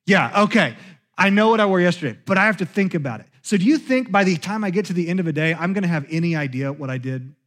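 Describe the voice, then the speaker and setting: A man with a high voice preaches a sermon in a church. He talks in a conversational way and sinks to a hushed tone when he voices confessions. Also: lively intonation, quick pace. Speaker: pastor. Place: church sanctuary.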